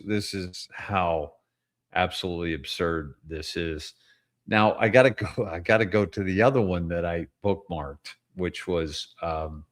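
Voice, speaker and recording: A man hosting his own show in casual political commentary, rambling, blunt and profane, breaking into chuckles often. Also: low voice. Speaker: host.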